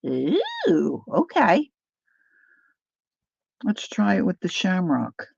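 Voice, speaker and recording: A woman's voice: deep voice, lively intonation, unhurried, creaky, a little mellow, no room sound, lo-fi sound. A woman hosting a casual live crafting demo, chatting as she thinks aloud and answers viewer comments. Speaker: craft livestream host.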